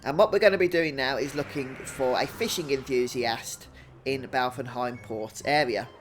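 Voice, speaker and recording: A man hosting a video game walkthrough in a relaxed, chatty way, thinking out loud as he plays. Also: mid-range voice, normal speed, faint music behind. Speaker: gaming channel host.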